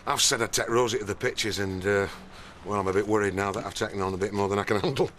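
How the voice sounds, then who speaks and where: An actor playing a shy, stammering older suitor. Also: male voice, on the low side, steady tone, fast, a bit bright, a little hiss or hum, lightly acted. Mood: bashful. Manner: hesitant, bashful, stammering. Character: shy awkward middle-aged man asking a woman out.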